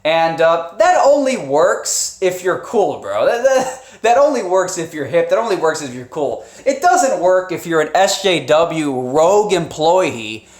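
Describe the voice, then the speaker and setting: A man's voice: a little high, very animated, unhurried. A man hosting a casual live stream, talking loosely with restarts, chuckles and swearing. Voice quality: rambling, with frequent restarts and profanity. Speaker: live streamer and channel host. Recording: roomy echo.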